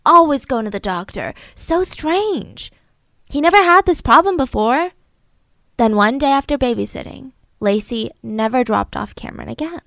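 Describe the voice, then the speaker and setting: A young woman tells a crime story in a casual, animated way and slips into the voices of the people involved. Her voice sits a little high. The sound is close and dry. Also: moderate pace, creaky, no echo. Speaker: podcast host.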